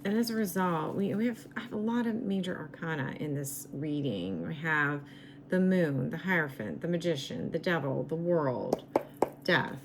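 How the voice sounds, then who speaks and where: A woman reading tarot cards in a slow, musing way, her voice going raspy as she loses it. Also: deep voice, expressive, very noisy. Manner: slow, musing, repeats herself. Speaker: tarot reader.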